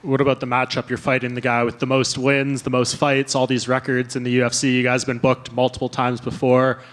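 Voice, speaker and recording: A man working as a reporter, asking plain, steady questions at a media scrum. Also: medium pitch, brisk. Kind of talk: interview questions.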